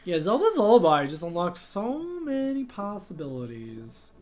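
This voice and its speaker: A man's voice: high voice, big pitch swings, moderate pace, darkish tone. A man streaming a game live, chatting casually and rambling with many fillers. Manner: rambling, heavy use of "like" and "um". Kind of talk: casual live gameplay chat.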